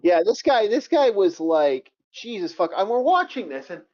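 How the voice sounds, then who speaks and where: A man co-hosting a casual movie review chat, animated and swearing a lot as he repeats himself. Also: sits high, moderate pace. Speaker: co-host of a movie review show. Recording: dull lo-fi sound.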